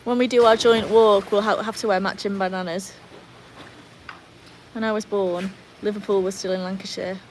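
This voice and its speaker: A woman's voice: medium pitch, steady tone, normal speed, darkish tone, slight background noise, poor audio. Chatty British woman on a home livestream. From Britain. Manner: chatty, reads out viewer comments, talks to her dogs. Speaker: livestream host. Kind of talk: casual livestream chat. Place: home with her dogs.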